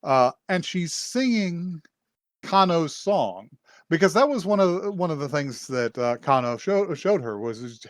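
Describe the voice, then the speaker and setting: A man's voice: fairly high pitch, lively intonation, a little slow, dry recording. Man, podcast host, rambling casual recap, laughs often, dry close mic. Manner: rambling, lots of fillers and laughs. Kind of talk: casual anime recap chat.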